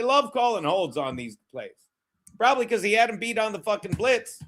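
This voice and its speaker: A man's voice: sits high, sing-song, moderate pace, fairly bright tone. A man live-streaming a game watchalong, swearing constantly, rambling and mocking viewers while fiddling with his browser. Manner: brash and mocking. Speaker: streamer hosting a betting watchalong. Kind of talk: live-stream commentary and chat.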